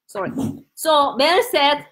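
A middle-aged woman from Korea with a Korean accent, hosting a casual live stream from home, chatty and excitable and greeting viewers by name. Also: high voice, slow pace, poor audio.

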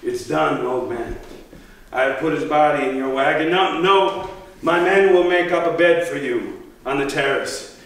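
Stern menacing warrior, a man acting, stage drama, high voice, distant mic. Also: a little slow, close to an everyday voice. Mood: calm. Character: fierce young warrior hero, quick to rage. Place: empty theater stage. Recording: echoey theater, mic far off.

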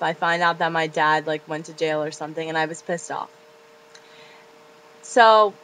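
A woman's voice: lowish voice, lively intonation, moderate pace, a bit bright, rough recording. Profane, rambling teenage woman vlogging. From Florida. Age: late teens. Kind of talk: confessional casual rant. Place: her bedroom.

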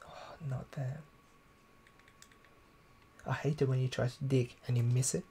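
A man's voice: medium pitch, little pitch movement, fast, mellow, a little hiss or hum. A man streaming live gameplay, chatting casually, thinking aloud and reading viewer comments. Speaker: gaming streamer.

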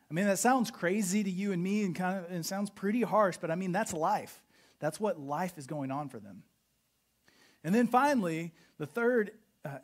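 A pastor preaching a sermon, explaining history with an animated, questioning teaching manner. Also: mid-range voice, breathy edge. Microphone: podcast recording of a live sermon.

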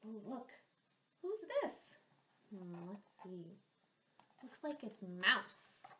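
A woman's voice: mid-range voice, expressive, drawn-out words, pushed and bright, a little hiss or hum. A woman speech therapist reading a picture book aloud to young children, asking them patient, sing-song questions as she goes. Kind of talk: slow read-aloud lesson with questions. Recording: echoey room.

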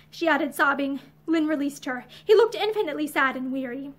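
A woman's voice: high-pitched, expressive, a little fast, few pauses. A woman reading a novel aloud expressively, seated indoors facing the camera. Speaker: audiobook reader. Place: indoors room with bookshelves.

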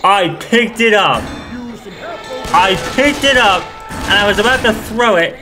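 A man's voice: sits high, measured pace, music in the background. A young man giving live commentary over a co-op zombie game, exasperated and swearing often. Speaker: gaming channel host.

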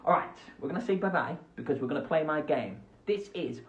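A man with a fairly high pitch talks fairly quickly as he hosts a live-streamed children's show at home beside a window. He's playful, animated and silly, switching among voices and asides, and the phone-camera audio is echoey and lo-fi.

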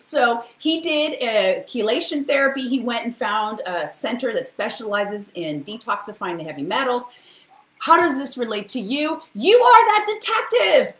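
A fairly high-pitched woman tells motivational stories with a very lively, swooping delivery. She throws herself into the quotes she acts out. The room around her rings with echo. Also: normal speed. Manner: animated, emotional, acts out quotes with big pitch jumps. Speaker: practitioner giving a motivational talk. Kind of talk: motivational storytelling. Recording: echoey room.

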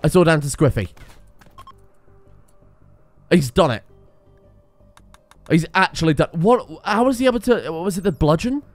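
A young man giving casual, excitable let's-play commentary, swearing and laughing at in-game disasters. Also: a little high, moderate pace, long pauses, soft background music. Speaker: gaming video host.

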